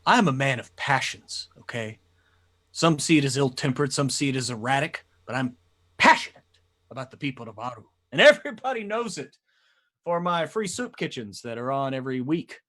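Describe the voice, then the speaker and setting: A man voicing a big, loud, gregarious former councilman who boasts and blusters. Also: mid-range voice, big pitch swings, normal speed. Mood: blustering.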